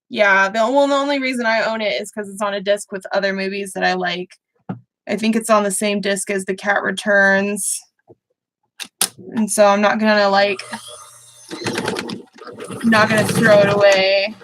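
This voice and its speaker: A young woman hosts a livestream while sewing, chatting casually and rambling with lots of fillers. Her mid-range voice is fairly bright, with fairly even intonation and a moderate pace, and the rough recording has slight background noise.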